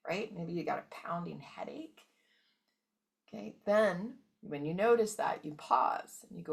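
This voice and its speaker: A woman's voice: fairly low pitch, lively intonation, a little slow, creaky. A woman hosting a motivational wellness talk, emphatic and often checking in with her listeners. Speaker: wellness coach and host.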